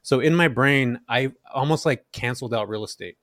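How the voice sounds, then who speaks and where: A man in his thirties from Central Valley, California, a podcast guest telling his story in an animated way and acting out quoted lines. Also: mid-range voice, normal speed, dry recording, clean studio sound. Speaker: guest, real estate investor.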